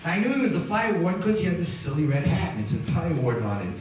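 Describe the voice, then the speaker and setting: A guest speaker tells an audience a dramatic survival story in a hall, his fairly high, slightly mellow voice quick and sing-song. The recording comes from far off in a very echoey hall, with slight background noise.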